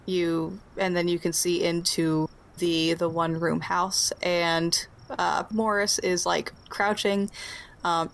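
A woman narrating a tabletop game as game master, relaxed, with many fillers and hesitations. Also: on the low side.

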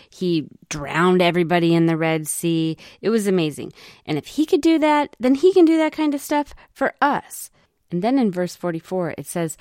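A woman retelling scripture stories for children in an animated way, often asking her listeners questions. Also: fairly low pitch, no room sound, clean studio sound. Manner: lively, asks listeners questions.

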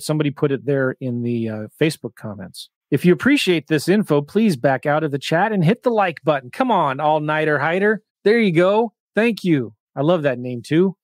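A man's voice: fairly high pitch, dry recording, clean studio sound. A man coaching viewers in a live-streamed question-and-answer session, talking casually and animatedly, with exasperated asides. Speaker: real estate investing coach.

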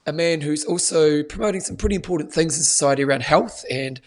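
New podcast host, fast talker, slightly higher voice, upbeat. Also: male voice. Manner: upbeat and quick. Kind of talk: casual chat.

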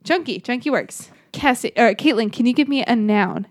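A woman's voice: a little high, moderate pace, no echo, studio quality. A woman hosting a casual podcast chat, upbeat as she leads a game segment and awards points.

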